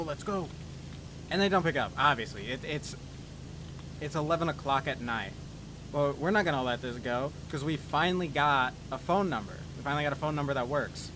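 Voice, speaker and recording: A man spins a story in a casual, rambling way, cursing freely and poking fun at himself. His voice sits a little high for a man. A steady noisy hiss runs under the recording. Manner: rambling, profane and self-mocking. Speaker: gaming video creator. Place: at home, voice-over on gameplay.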